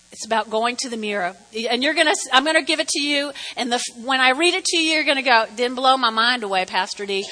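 A woman pastor preaching an animated, conversational sermon and drawing responses from her congregation. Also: high voice. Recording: reverberant hall.

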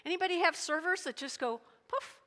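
A woman's voice: very high voice, brisk, pushed and bright. A woman preaching a sermon in a chatty, joking way, acting out little everyday scenes. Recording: long reverb of a large hall.

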